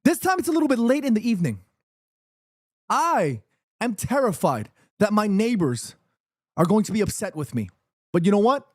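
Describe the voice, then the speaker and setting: A man hosting a football watchalong livestream from his room, excitable and emphatic, repeating himself when nervous. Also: high-pitched, normal speed, long pauses, dry recording, clean studio sound. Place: his room in New York City, indoors.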